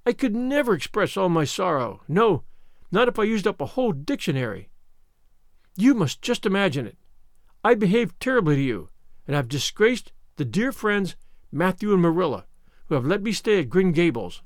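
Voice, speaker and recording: A man's voice: high voice, very animated, moderate pace, no room sound, clean studio sound. A man voicing a dramatic, imaginative young orphan girl who talks in a gushing, theatrical way. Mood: pleading.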